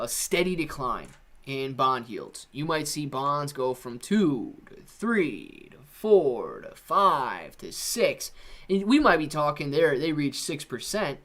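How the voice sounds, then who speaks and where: A man's voice: fairly high pitch, a bit bright. A man hosting a live stream, chatting casually with viewers, reading out their comments and answering in a laid-back, slangy way. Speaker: livestream host.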